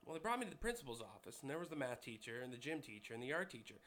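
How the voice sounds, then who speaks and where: A man voicing a cheeky schoolboy who answers with deadpan, matter-of-fact retorts. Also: mid-range voice, very fast. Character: cheeky schoolboy, quick with comebacks.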